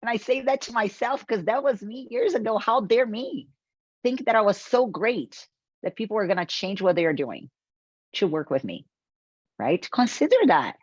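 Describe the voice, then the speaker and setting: A woman's voice: medium pitch, normal speed, husky, dry recording, muffled recording. A woman from Brazil giving a motivational sales webinar, talking straight to her audience with rhetorical questions. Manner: animated, addresses audience directly, rhetorical questions. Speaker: webinar presenter.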